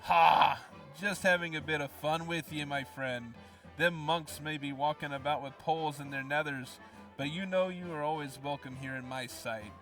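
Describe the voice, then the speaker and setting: A man's voice: on the high side, normal speed, a bit bright, far from the mic, faint music behind. A man voicing a jovial, greasy old male innkeeper in a put-on Minnesotan accent, hearty and teasing.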